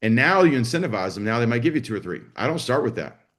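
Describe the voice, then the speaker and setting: Blunt, energetic male business coach. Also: mid-range voice, quick pace. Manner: blunt, salty, energetic, acts out dialogue. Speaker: business coach for martial arts school owners. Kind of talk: live online coaching session.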